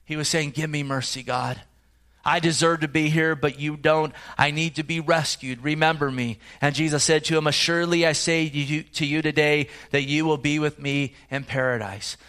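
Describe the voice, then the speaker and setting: A man's voice: fairly high pitch, steady tone, moderate pace, a bit bright. A man preaching a sermon as a pastor, reading scripture and asking the congregation direct questions.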